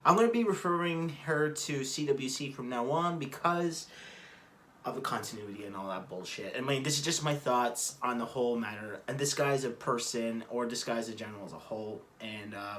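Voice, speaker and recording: Man, average-pitched voice, casual profane rambling commentary, restarts often. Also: brisk, fairly bright tone, slight background noise. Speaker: vlogger. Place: room at home.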